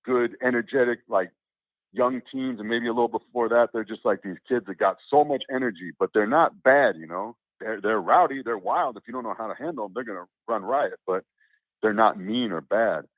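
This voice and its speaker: Male guest, casual storyteller, animated and rambling; tinny dry phone-quality audio. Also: lowish voice, a little fast, no room sound. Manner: rambling, animated, many restarts and quoted voices. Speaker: interview guest.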